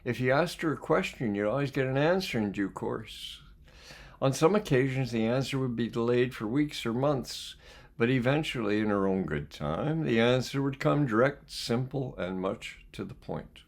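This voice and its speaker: A man reading a book aloud as a life skills coach. He reads reflectively and pauses to put questions to his listeners. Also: mid-range voice, animated, vocal fry. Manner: reflective, poses questions to listeners between passages. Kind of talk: reading aloud with spoken asides.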